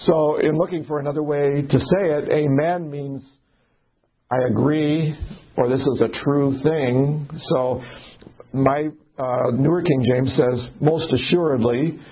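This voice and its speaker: A man's voice: on the high side, fairly even intonation, unhurried, slightly rough. A man leading a casual Bible study, talking in a conversational way and putting questions to the group. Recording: tinny phone-like recording.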